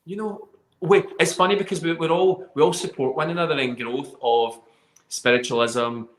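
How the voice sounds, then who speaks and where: Man, higher voice, emphatic, swears casually, echoey room. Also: moderate pace, a bit bright. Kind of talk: casual chat.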